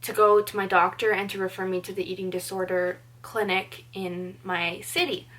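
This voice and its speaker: A young woman from Canada talks straight to the camera about her own life. She is earnest and chatty and leans on "like" as a filler. Her voice sits at an ordinary middle pitch for a woman. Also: flat delivery, moderate pace, a bit bright. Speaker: vlogger. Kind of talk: personal storytelling to camera.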